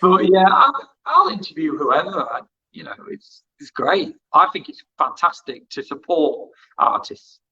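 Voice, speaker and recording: A man's voice: on the high side, very animated, measured pace, hardly any pauses, bright, forceful tone, highs cut off. A man who interviews musicians and used to present hospital radio, telling rambling anecdotes in a casual interview and acting out the dialogue he quotes.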